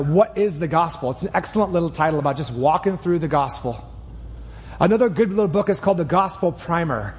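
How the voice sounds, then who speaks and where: A man preaching a sermon in a church, earnest and emphatic, speeding up and slowing down as he drives each point home. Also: high voice, darkish tone, big-room sound. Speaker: pastor. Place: church sanctuary. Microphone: clip mic.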